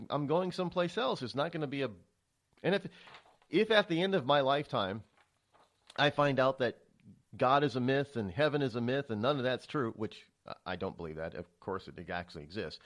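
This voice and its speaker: A man hosting a talk radio show, speaking in a rambling, emphatic monologue full of restarts and stammers. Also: mid-range voice. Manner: animated, emphatic delivery.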